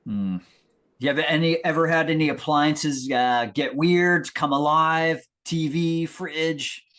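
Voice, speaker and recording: A man playing a tabletop game, firing loud quick questions in character. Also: a little high, steady tone. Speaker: player.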